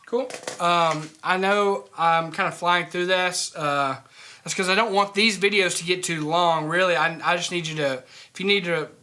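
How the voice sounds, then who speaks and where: A man teaching a drumming lesson in a casual, relaxed way, often checking in with the student. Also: high-pitched. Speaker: drum teacher. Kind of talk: casual instructional talk.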